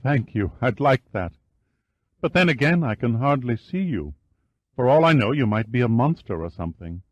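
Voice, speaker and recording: A man's voice: medium pitch, moderate pace, dry recording, highs cut off, natural voice. A male narrator voicing a flirtatious British woman of about thirty with a trace of German in her accent. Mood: playful. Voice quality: soft, stammering at first.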